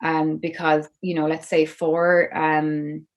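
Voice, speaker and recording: Chatty Irish woman with a low voice. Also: little pitch movement, takes it slowly, rough recording. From Ireland. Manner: chatty storytelling, heavy with "like" and "you know". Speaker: musician guest. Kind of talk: podcast interview.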